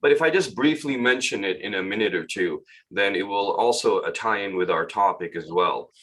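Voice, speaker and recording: A man's voice: fairly low pitch, moderate pace, husky. A man delivering a religious lecture at a memorial gathering, retelling a narration and acting out its dialogue with rising emphasis. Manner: storytelling, gently acts out dialogue with rising emphasis.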